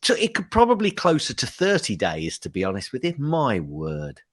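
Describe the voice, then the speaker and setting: A man's voice: mid-range voice, huge pitch swings, normal speed. A man co-hosting a podcast in casual chat, joking and bantering. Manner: jokey, playful banter. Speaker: podcast co-host.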